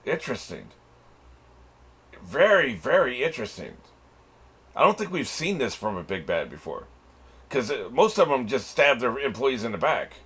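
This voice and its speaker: A man's voice: mid-range voice, very animated, normal speed, fairly bright tone, slightly rough. A man hosting a reaction channel, giving casual commentary on an anime episode, laughing often and swearing freely.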